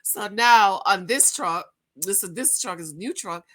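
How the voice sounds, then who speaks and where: Animated, bright-voiced middle-aged woman host. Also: measured pace. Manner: animated storyteller, big swings in pitch and loudness. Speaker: channel host. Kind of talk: casual vlog monologue.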